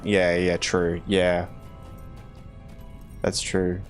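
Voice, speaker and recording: A man's voice: medium pitch, sing-song, normal speed, soft background music. A man with an Australian accent chatting casually while streaming a game, playful and laughing often as he talks with viewers.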